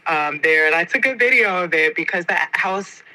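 A young adult woman from the United States, a podcast guest telling a personal story in an expressive, slangy, heartfelt way. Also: on the low side, moderate pace, low-quality recording. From United States (Georgia).

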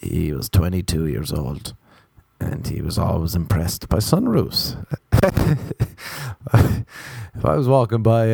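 A man's voice: low voice, creaky, darkish tone, no room sound. A young Irish man doing a rambling, sarcastic, self-mocking comedic monologue. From Ireland.

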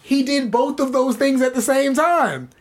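A man's voice: extremely high pitch, measured pace. A man co-hosting a podcast, telling a story in casual chat, slangy and profane, acting out what people said. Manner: animated, profane, slangy, acts out quotes. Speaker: podcast co-host.

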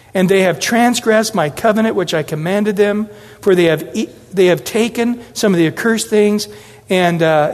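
A man preaching an expository sermon, acting out the scripture quotes with lively shifts of inflection. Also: high-pitched, in a large hall. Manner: animated, acts out scripture quotes with changing inflections. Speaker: pastor.

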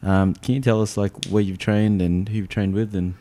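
A man hosting a podcast, asking a guest a casual question haltingly while searching for words. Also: on the low side, level tone, warm tone. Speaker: podcast host.

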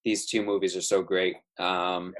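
A lower-pitched man weighs his pick on a movie podcast. He pauses often and drops in ums while he thinks it through. He talks in a relaxed, casual way with his co-host. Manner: hesitant and thoughtful, many ums.

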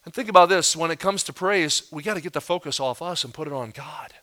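A man preaching a sermon, telling stories and acting out quotes in lively voices. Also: a little high, quick pace. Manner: animated storytelling, acting out quotes in different voices. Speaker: pastor.

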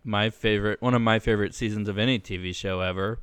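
A man's voice: on the low side, steady tone, fast talker, fairly bright tone, clean tone, no echo. A man co-hosting a podcast in easygoing casual chat, teasing his friend and laughing along. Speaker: podcast co-host.

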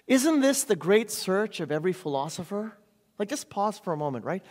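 A man preaches a sermon in a high, light voice for a man. He drives his points home with rhetorical questions and repeated phrases, checking in with "right?" again and again. His voice rings with a long reverb, as if it fills a large church sanctuary. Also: sing-song, moderate pace, darkish tone. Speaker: pastor.

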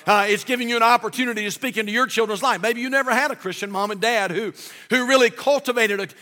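An older man preaches from the pulpit in a folksy, fervent way, often repeating himself. His voice sits high and sounds bright and forceful. The sound rings with the long reverb of a church sanctuary. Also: quick pace. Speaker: pastor. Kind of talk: sermon.

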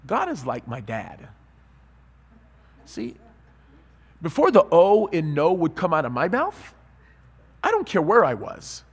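A man preaching a sermon, telling lively stories and asking his listeners questions. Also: on the high side, takes it slowly, pauses often, husky, long reverb tail. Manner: animated storytelling, asks the crowd.

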